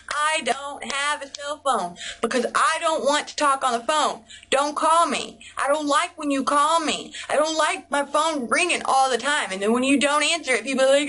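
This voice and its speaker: A woman's voice: sits high, lively intonation, unhurried, sharp tone, low-quality recording. Bubbly, rambling young woman. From United States. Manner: bubbly, rambling, heavy use of "like". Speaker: vlogger. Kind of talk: casual to-camera chat.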